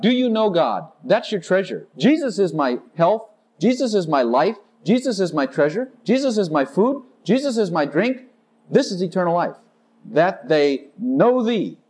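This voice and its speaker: A male preacher delivering a sermon with bubbling, exuberant energy. His voice sits high and leaps wildly up and down as he piles on rapid declarations, now and then slipping into a sung line or a laugh. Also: darkish tone, breathy edge.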